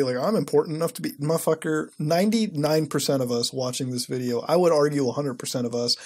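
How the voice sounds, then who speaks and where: Young male commentator in his twenties, husky voice, swears constantly, sarcastic rants that spike up high. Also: a little mellow. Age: 20s. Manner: profane, sarcastic ranting with sudden high-pitched outbursts. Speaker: web-browsing commentator. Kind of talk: casual screen-recording commentary.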